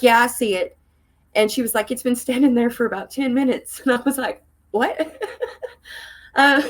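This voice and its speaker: A woman tells a story in a relaxed, conversational way, at a middling pitch. She laughs often and jumps her voice up high to act out what people said. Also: poor audio. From Tennessee. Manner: animated, laughs often, acts out quoted voices in a higher pitch. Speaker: podcast guest. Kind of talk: casual storytelling.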